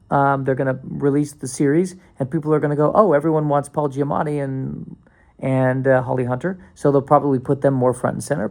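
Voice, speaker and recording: A male podcast host with a gravelly edge, talking loosely and sarcastically. He often restarts his sentences and slips into playful mock panic. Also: a little high, darkish tone. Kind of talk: casual solo podcast rambling.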